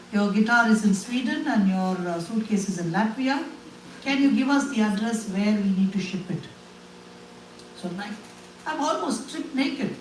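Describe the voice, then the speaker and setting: A man tells his own story to a crowd in an earnest, halting way, often restarting his sentences. His voice rings around a reverberant room and sits well back from the microphone. A faint hum of ambience runs underneath. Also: high voice, far from the mic. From India. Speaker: guest speaker. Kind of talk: personal testimony to an audience.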